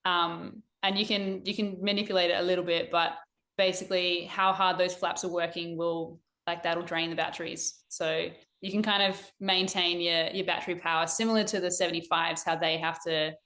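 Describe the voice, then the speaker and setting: A woman's voice: fairly low pitch, level tone, brisk, a bit bright. A young woman, a guest on a podcast, plainly explaining technical sailing details. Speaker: guest, elite sailor. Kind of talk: casual interview chat.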